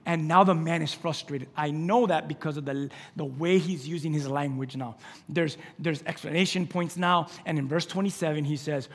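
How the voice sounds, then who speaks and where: A male pastor preaching a sermon in an animated storytelling way, asking the congregation questions. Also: a little high, normal speed, breathy edge, big-room sound.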